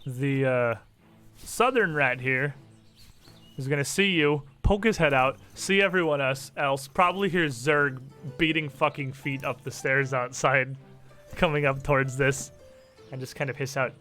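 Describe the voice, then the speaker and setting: A man's voice: mid-range voice, a little slow, bright, forceful tone, faint music behind. A man running a tabletop game as game master, narrating loosely with frequent laughs and swearing.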